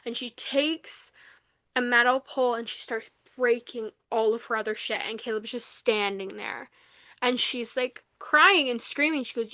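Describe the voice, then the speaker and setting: A young woman co-hosting a podcast, recapping a novel in casual chat, animated and full of fillers, acting out the lines she quotes. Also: a little high, measured pace, no room sound. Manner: animated retelling, acts out quotes, many fillers. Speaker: podcast co-host. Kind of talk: casual book review chat.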